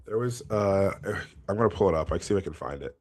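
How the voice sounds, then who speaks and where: A man's voice: low-pitched, lively intonation, quick pace, darkish tone. A man co-hosting a sports podcast in casual chat, rambling with many fillers and frequent laughs. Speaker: podcast co-host.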